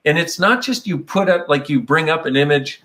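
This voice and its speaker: A man's voice: on the high side, normal speed, a bit bright. A man talking casually and reflectively, meandering through his points. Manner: meandering, reflective, slips into playful quoted voices. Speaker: speaker on personal growth. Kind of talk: casual conversational talk.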